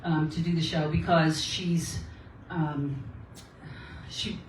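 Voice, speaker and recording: A woman in her sixties speaks as a guest at a meeting, giving a casual, encouraging talk full of chatty stories, frequent laughter and check-ins of "okay?". Her voice is deep, slow and fairly even in intonation. The recording has a slight hiss or hum and was captured from far off in a very echoey meeting room.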